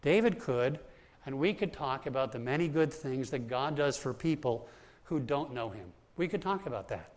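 A man's voice: medium pitch, lively intonation, moderate pace. A man preaching an earnest sermon to a congregation, often repeating words as he builds his points. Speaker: pastor. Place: church hall with congregation.

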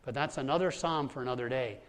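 A man's voice: medium pitch, fast talker, a bit bright. A man preaching an earnest sermon to a congregation, often repeating words as he builds his points. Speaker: pastor. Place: church hall with congregation.

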